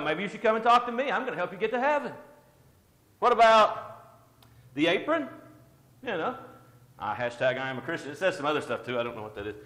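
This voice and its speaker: High-voiced man giving a joking church devotional. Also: fairly bright tone. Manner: conversational, joking, self-deprecating. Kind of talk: informal devotional talk. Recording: echoey hall with long reverb.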